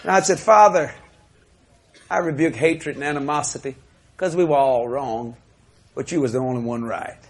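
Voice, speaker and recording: A man preaching a sermon, telling a story in an animated, laughing way and acting out what people said. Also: mid-range voice, moderate pace, pauses often.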